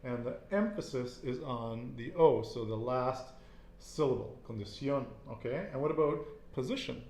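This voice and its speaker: A man's voice: mid-range voice, animated, moderate pace, darkish tone, echoey room, slight background noise. A man teaching a casual Spanish lesson, repeating each answer and praising it.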